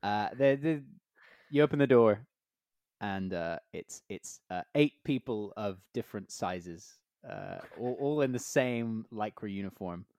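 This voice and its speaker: A man's voice: fairly low pitch, expressive, a little slow, darkish tone, dry recording, studio quality. A man co-hosting a comedy podcast, riffing through playful made-up scenarios with lots of filler. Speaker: podcast co-host.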